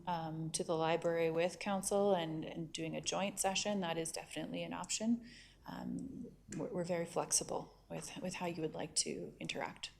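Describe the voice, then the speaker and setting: A woman with a lowish, gravelly voice answers council questions formally, addressing the chair. Faint room noise hums behind her. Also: a little mellow. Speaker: town staff presenter.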